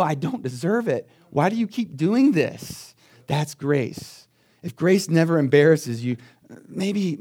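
Emphatic storytelling male pastor. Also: a little high. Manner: conversational storytelling, swings between quiet asides and loud emphatic bursts. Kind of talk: sermon.

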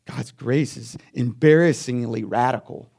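Here a man preaches as pastor, spinning conversational stories and alternating soft asides with booming emphasis. He speaks unhurriedly in a mid-range voice that's creaky with a breathy edge.

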